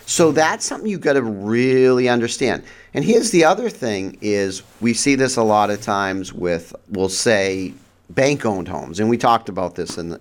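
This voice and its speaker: A man hosting a real estate advice show, talking casually with frequent restarts, rhetorical "right?" checks and sudden jumps in pitch for emphasis. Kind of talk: casual explanatory monologue. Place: central New York region.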